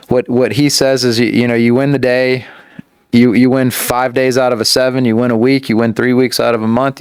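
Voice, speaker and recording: A man as a podcast guest in casual conversation, earnest and talking in halting, repeated starts. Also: medium pitch, clean tone, dry recording, clean studio sound.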